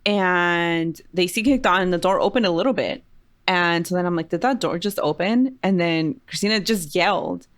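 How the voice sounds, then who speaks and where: A woman's voice: lowish voice, moderate pace. A woman co-hosting a podcast, telling stories in a laid-back, dry way and mixing in Spanish. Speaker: podcast co-host. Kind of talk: casual chat.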